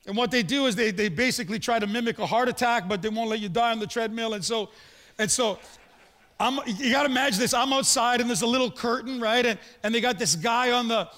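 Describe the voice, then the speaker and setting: In a large hall where his very high, fairly bright voice fades into long reverb, a pastor delivers a sermon. He talks to the congregation casually, tossing in rhetorical questions and short personal anecdotes.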